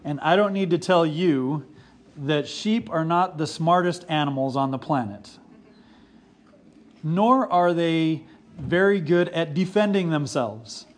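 40s guy preaching, earnest, kinda higher voice, keeps repeating the key bits. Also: slow pace. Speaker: pastor. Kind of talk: sermon.

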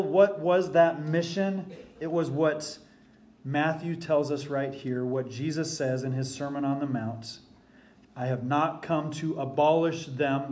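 A pastor preaches a sermon from the pulpit in a medium-pitched, slightly mellow voice. He is emphatic and deliberate, slowing to underline important phrases.

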